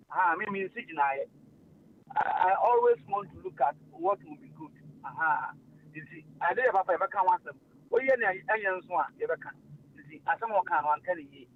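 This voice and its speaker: A high-voiced man chats on a radio stream, animated and loose, with plenty of filler sounds. The sound is dull and lo-fi. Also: slight background noise. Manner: animated, mixing languages, frequent fillers and laughs. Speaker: radio host. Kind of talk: casual radio talk.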